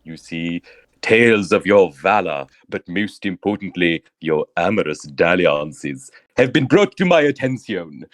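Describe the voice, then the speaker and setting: A man's voice: sits low, animated, a little slow, dry recording, pitched below the performer's own voice. A man playing a grandiose, pompous male romance author who reads out florid erotic excerpts in ornate language. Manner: grandiose, theatrical, ornate wording.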